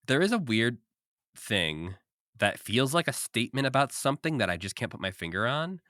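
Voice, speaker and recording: A man's voice: mid-range voice, big pitch swings, normal speed, bright, forceful tone, dry recording, clean studio sound. A man co-hosting a podcast, chatting casually and recapping with frequent laughs. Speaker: podcast co-host. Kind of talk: casual chat.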